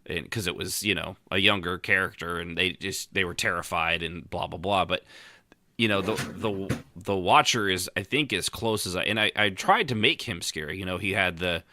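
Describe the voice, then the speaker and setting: A man co-hosts a podcast in loose, casual conversation, circling his point with many fillers and false starts. His voice sits low but has a bright, forward edge. The recording is dry and close, with almost no room sound. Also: moderate pace, dry recording. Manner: rambling, many fillers and restarts. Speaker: podcast co-host. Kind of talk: casual chat about roleplay.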